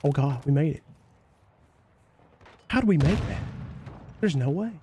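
A man's voice: on the high side, measured pace, background noise. A young man from North Carolina with a Southern twang, streaming a shooter game live and chatting with his viewers. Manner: excitable, chatty, reacts loudly to the game. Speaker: livestream gamer.

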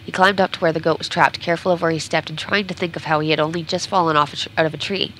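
A woman's voice: low voice, steady tone, racing, a bit bright, a little hiss or hum, rough recording. A woman game streamer reading a storybook aloud during a playthrough, sometimes stumbling and correcting herself.

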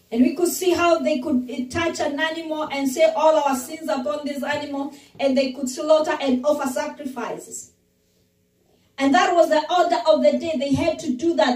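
Woman pastor, very high voice, unhurried emphatic preaching; echoey room, mic at a distance, faint music. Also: a little mellow. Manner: slow, emphatic preaching with repeated phrases. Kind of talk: sermon.

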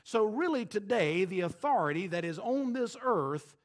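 A man preaching a sermon as pastor, emphatic, pausing for effect and quoting scripture. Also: high-pitched, animated. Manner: emphatic, preaching with dramatic pauses and quoted scripture.

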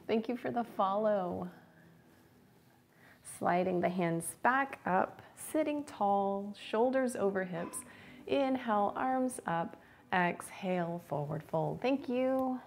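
A woman teaching a live-streamed beginner yoga class, giving gentle cues and chatting with viewers. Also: mid-range voice, slow, gravelly.

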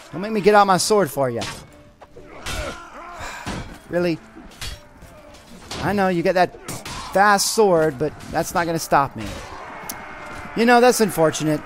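A man's voice: fairly high pitch, slow, pauses often, faint music behind. A man hosting a let's play, commenting on his game with light roleplay and giving orders to his troops. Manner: animated, excitable, gives orders to troops. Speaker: gaming channel host.

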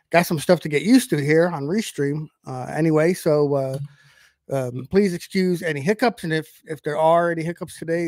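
Casting: man from the US, preacher on a livestream, casual and rambling delivery, slightly high voice, dry close sound. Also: a little mellow, dry recording. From United States. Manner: conversational, many fillers and restarts. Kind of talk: livestreamed Bible teaching.

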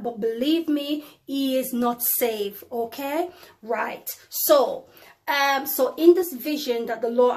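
A high-voiced woman preacher gives a testimony to viewers, telling of a vision. She calls them brothers and sisters, ladies and gentlemen, and tells her story with emphatic rises and drops in loudness.

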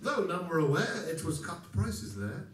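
A man's voice: a little high, very animated, crowd noise. Theatrical male folk singer in an echoey hall. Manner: theatrical, playful, drawn-out singing. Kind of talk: live comic folk song with spoken patter. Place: live concert in a hall. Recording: echoey hall from far off with audience.

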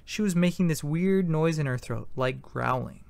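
A man narrating an amateur audiobook in first person, plain and matter-of-fact. His voice sits slightly high with a gravelly, fry-tinged texture. The sound is dry and close. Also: moderate pace, a little mellow, no echo.

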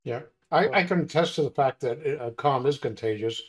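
A man's voice: medium pitch, normal speed. A man co-hosting a casual chat, telling an everyday story with hesitant fillers. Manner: anecdotal, hesitant with fillers, chuckling.

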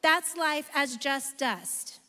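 High-voiced woman preaching in a reverberant hall. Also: slow pace. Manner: animated, emphatic preaching with self-aware asides. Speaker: pastor. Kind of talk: sermon. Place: church sanctuary. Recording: long reverb of a large hall.

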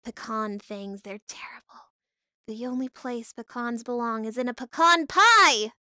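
A woman's voice: a little high, a little slow, sharp tone, no room sound, clean studio sound. A woman hosting a casual livestream, playful and mock-dramatic, often breaking into laughter. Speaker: livestream host.

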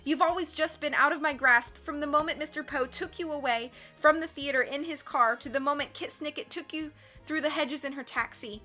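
A woman's voice: high voice, a little fast, sharp tone, pitched above the performer's own voice. A woman reading the part of a tearful, earnest woman judge who pleads with the children, faint music behind. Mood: tearful pleading. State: crying.

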